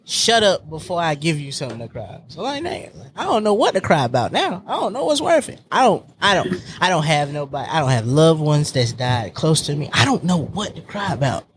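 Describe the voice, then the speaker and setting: A man with a high voice chats casually on a podcast, and his pitch leaps up and down as he talks. He is animated and laughs often, tumbling from one thought to the next. There is a faint hum behind him. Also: a little fast, hardly any pauses. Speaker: podcast co-host. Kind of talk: casual chat.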